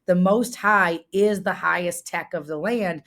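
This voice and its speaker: A woman in her thirties speaks with a lowish voice and shares a heartfelt story as a podcast guest. Her talk is loose and conversational, with many restarts and filler words. When she is moved, her pitch rises sharply. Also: measured pace, fairly bright tone. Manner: earnest, lots of "like" and restarts, voice rising when moved. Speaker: guest, farmer and former restaurateur.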